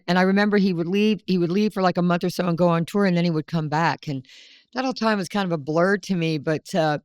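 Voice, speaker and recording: A woman's voice: lowish voice, smooth, no echo. A woman from South Carolina hosting a podcast, telling stories casually, swearing freely and acting out quotes. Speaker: podcast host. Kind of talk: casual storytelling chat. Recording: dry close-miked studio sound.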